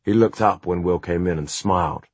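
A man narrating a fantasy audiobook in a measured, even storytelling manner. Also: deep voice, breathy edge, no echo. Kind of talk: scripted narration.

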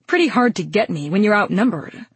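A woman's voice: mid-range voice, animated, slightly rough, no echo. Smug sly male villain, read by a woman. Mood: smug taunting. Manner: taunting, slow and sly.

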